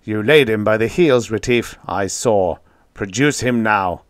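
A man voicing a huge, shelled male alien who speaks in a slow, formal, mournful way. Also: fairly low pitch, dry recording, studio quality, natural voice. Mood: panting, stern.

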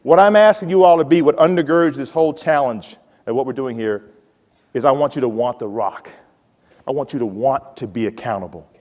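A man in his forties giving a playful, animated motivational talk to students and calling out to the audience. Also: medium pitch, a little fast. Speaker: college president giving a talk. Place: large hall with a live audience. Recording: hall reverb.

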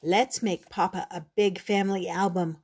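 A woman's voice: on the low side, fairly even intonation, normal speed, darkish tone, slightly rough. A woman voicing an eager girl bear cub. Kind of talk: storybook read-aloud.

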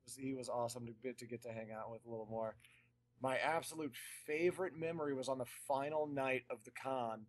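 A man's voice: mid-range voice, steady tone, fairly quick. A man telling a story in casual podcast chat, rambling, with restarts. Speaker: guest musician.

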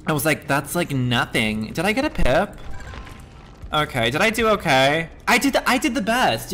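A man live-streaming a video game, excitable and swearing often as he reacts loudly to play and talks back to chat. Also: fairly high pitch, normal speed, slight background noise.

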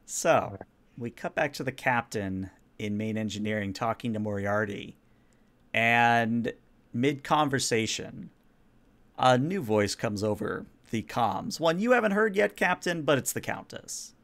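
A man's voice: medium pitch, expressive, unhurried, fairly bright tone. Man narrating as game master. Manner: descriptive, storyteller.

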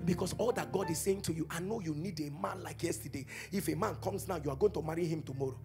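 A man preaching a charismatic sermon, swinging between quiet teaching and shouted, chanted prayer declarations. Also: fairly high pitch, quick pace, vocal fry, soft background music. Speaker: pastor.

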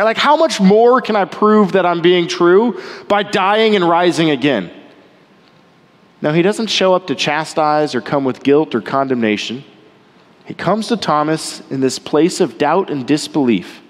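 Animated high-voiced preacher in an echoey hall. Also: male voice, unhurried. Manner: animated, rising and falling between loud emphasis and quiet softness. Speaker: pastor. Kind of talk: sermon.

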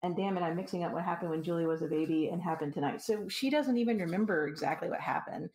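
Low-voiced woman co-host, quick and emphatic. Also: darkish tone. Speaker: podcast co-host. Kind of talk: casual book discussion.

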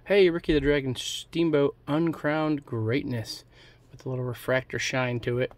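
A man's voice: mid-range voice, steady tone, moderate pace, no echo. A middle-aged man giving casual, joking running commentary while opening trading card packs. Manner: chatty, offhand running commentary with jokes. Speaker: card collecting YouTuber.

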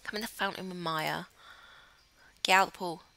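A woman's voice: on the low side, steady tone, moderate pace, creaky, sharp tone, rough recording. A woman chatting casually over a life-simulation game, cooing affectionately at her characters. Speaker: gaming channel host. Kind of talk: casual gameplay commentary.

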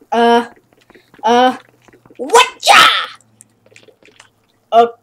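A woman's voice: high-pitched, expressive, measured pace, fairly bright tone, a little hiss or hum. A young woman casually chatting while she plays a game, playful and silly, narrating her own moves. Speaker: channel host playing a game. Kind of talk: casual gameplay chat.

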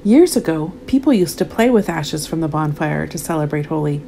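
A woman's voice: low voice, lively intonation, brisk, gravelly, dark tone, a little hiss or hum. A woman doing a bossy playful girl. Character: bold, playful young girl. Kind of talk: storybook read-aloud.

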